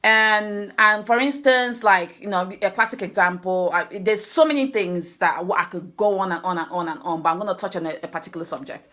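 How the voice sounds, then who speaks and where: A middle-aged woman from Nigeria with a Nigerian accent, chatting casually as a co-host and telling animated stories. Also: medium pitch, a little fast, few pauses. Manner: animated storytelling, acts out other people's voices. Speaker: podcast co-host. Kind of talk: casual chat.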